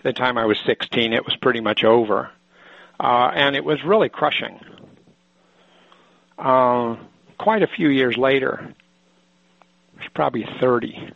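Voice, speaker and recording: An older man from Oregon, a psychoanalyst, telling a personal story in a halting, thoughtful way with many restarts, on a muffled lo-fi recording. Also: medium pitch, vocal fry, no echo. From Oregon, USA.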